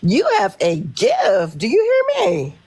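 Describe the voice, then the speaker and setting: Female caller, stuffy and congested, gushing; very lively pitch. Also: slow pace, breathy edge. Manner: gushing, emphatic praise. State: congested from sinuses.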